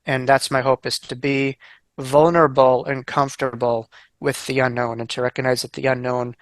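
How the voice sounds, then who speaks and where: A man's voice: medium pitch, level tone, normal speed, no echo. A man, a therapist and author, talking earnestly as an interview guest, with many fillers and restarts. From United States. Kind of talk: casual interview chat.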